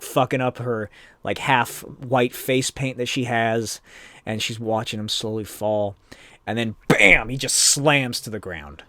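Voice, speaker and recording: A man's voice: medium pitch, no echo, studio quality. A man hosting a podcast, recapping a comic in a rambling, profane, chatty way. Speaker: podcast host.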